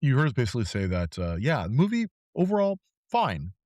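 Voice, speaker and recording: A man's voice: mid-range voice, wildly swooping pitch, brisk, a little mellow, dry recording, studio quality. A man co-hosting a podcast, chatting casually and acting out quoted people as he tells a story. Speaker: podcast co-host. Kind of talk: casual chat.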